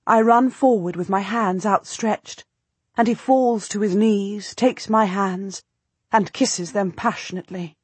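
A woman narrating a historical novel in the first person, with measured, expressive storytelling. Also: medium pitch, husky, dry recording. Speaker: audiobook narrator.

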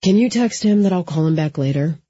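A woman reading the part of a tense, quick-tempered young man who speaks in short, snapping lines, in a dry, slightly dull recording. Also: fairly high pitch, expressive, mellow, slightly rough, dry recording. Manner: curt, snapping.

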